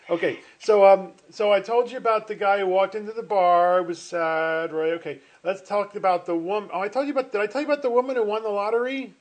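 Middle-aged guy teaching a class over a video call, high voice, rambly, lots of ums and restarts. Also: steady tone, a little fast. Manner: chatty, rambling, self-interrupting with fillers and restarts. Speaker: finance professor. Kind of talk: online class lecture. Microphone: computer mic on a video call.

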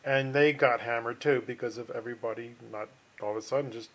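A man's voice: medium pitch, steady tone, quick pace, fairly bright tone. A middle-aged man teaching a finance class online, rambling and folksy, with many restarts and fillers. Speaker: finance instructor.

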